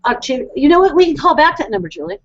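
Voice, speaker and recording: A woman hosting a call-in show in a chatty, rambling way, often laughing at herself. Her voice sits a bit high, and the web broadcast sound is dull and lo-fi. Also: lively intonation, racing, slight background noise. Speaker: psychic radio host. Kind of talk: casual call-in show chat.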